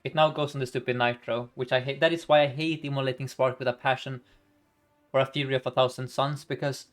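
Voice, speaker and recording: A man's voice: mid-range voice, little pitch movement, quick pace. A man streaming a game live, thinking aloud about each move in a chatty way and laughing often.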